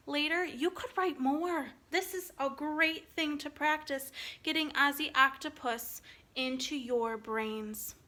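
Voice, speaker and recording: A woman teaching a recorded phonics lesson to kindergartners, speaking slowly and clearly in an encouraging way. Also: high voice, bright, forceful tone. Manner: slow, clear, encouraging teacher talk to young children.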